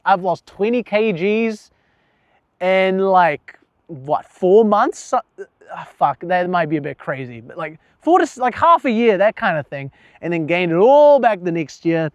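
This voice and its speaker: A man's voice: high-pitched, big pitch swings, a little slow, no echo, muffled recording. A young man talking candidly about himself in a casual, profane vlog monologue, laughing at himself now and then. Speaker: vlogger.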